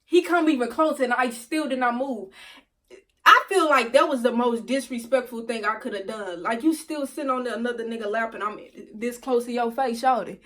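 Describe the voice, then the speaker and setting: A woman's voice: fairly high pitch, moderate pace, far from the mic. Profane, laughing young woman vlogger. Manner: animated, profane, laughs often, addresses viewers. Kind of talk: storytime vlog.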